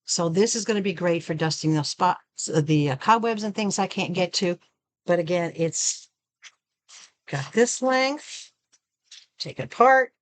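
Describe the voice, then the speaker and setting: This Arizona product review vlogger has a fairly low pitch and talks a little slowly, pausing often but staying animated. She unboxes products in a chatty way, holding up each item as she describes it.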